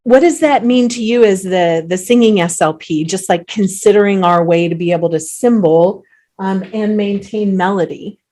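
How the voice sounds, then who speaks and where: A woman hosting an interview, talking enthusiastically with animated emphasis and frequent small repeats as she starts phrases. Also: mid-range voice, moderate pace. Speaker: host, company CEO. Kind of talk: conversational interview.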